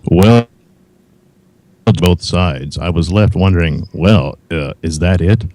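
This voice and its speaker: Very low-voiced hesitant man on a call. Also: slow pace, mellow, dry recording. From Louisiana. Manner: hesitant, full of "you know" and "uh". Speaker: call-in guest. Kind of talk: casual chat. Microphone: video call mic.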